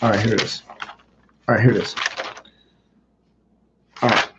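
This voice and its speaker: A man's voice: lowish voice, flat delivery, normal speed, noisy background. A man in his thirties hosting a livestream, telling a personal story to his chat in a rambling, blunt way, swearing freely. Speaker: livestream host. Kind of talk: casual storytelling to a live chat. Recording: muffled lo-fi stream audio.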